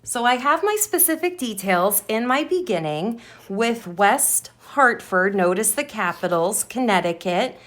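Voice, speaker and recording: A woman's voice: a little high, animated, fairly bright tone. A woman teaching a writing lesson, modeling her sentences aloud and repeating words as she writes them down. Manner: slow, deliberate, repeats words while writing.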